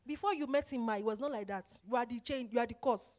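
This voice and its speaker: A woman's voice: fairly high pitch, fast talker. A middle-aged woman pastor, preaching an emphatic sermon and acting out the voices she quotes. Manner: emphatic, acts out quoted voices, repeats phrases.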